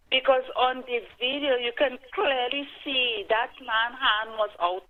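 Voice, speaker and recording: A Trinidadian woman phones in to a talk show, emphatic and indignant and fond of repeating herself. Her voice sits fairly high. It comes through a thin, tinny phone line. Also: measured pace, few pauses. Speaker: caller. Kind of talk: call-in radio talk.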